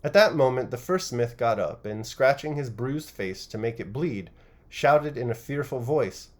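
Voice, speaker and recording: A man narrating a classic novel chapter by chapter as an audiobook reader, with an expressive, varied reading. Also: mid-range voice, measured pace.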